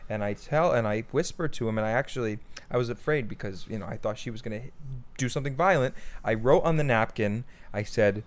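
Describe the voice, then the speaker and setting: A man's voice: medium pitch, a little fast. A young man co-hosting a comedy podcast, telling a mock-outraged story with heavy swearing and over-the-top indignation. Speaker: podcast co-host. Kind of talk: satirical comedy podcast banter.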